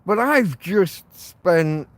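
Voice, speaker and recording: A man's voice: sits high, lively intonation, extremely slow, a bit bright, no echo. A man hosting a rambling live stream from his phone, sweary and self-deprecating as he rants. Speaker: livestream host. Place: in or by a tent outdoors.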